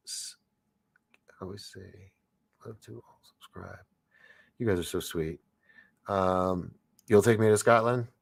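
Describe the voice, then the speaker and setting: A man in his forties with a low-pitched, gravelly voice, talking close and dry with no room sound around him. He chats loosely on a late-night live show, reading viewer comments aloud and tumbling over his own restarts as he gets excited. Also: no echo. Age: 40s. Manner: rambling, excitable, stammering restarts. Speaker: livestream host.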